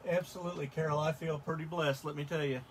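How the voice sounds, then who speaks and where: A man's voice: fairly high pitch, fairly even intonation, quick pace, distant mic, a little hiss or hum, rough recording. A man chatting on a casual livestream, reading out viewer comments and greeting them by name. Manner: friendly, reads out and greets viewer names.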